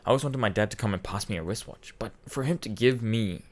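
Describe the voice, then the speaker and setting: A man's voice: lowish voice, fast. A man in his twenties, a vlogger, telling a personal story in a rambling, emotional way with many restarts, choked up and near tears. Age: 20s. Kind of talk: casual storytelling.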